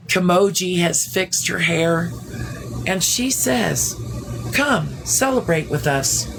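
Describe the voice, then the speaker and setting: Slow-talking woman telling a story. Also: on the low side, slight background noise. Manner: slow, wondering, full of restarts. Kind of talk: casual spoken storytelling.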